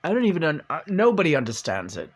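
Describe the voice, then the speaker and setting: A man's voice: on the high side, wildly swooping pitch, quick pace. A man chatting casually and playfully while doing a tarot reading, with a hesitant, rambling manner and bits of meowing sing-song. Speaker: tarot reader.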